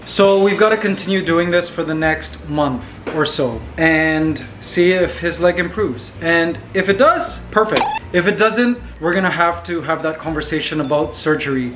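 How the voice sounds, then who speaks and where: A man hosting a casual vlog at home, playful and animated, his voice jumping up high when he gets excited. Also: moderate pace, noisy background. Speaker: vlogger host. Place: apartment indoors.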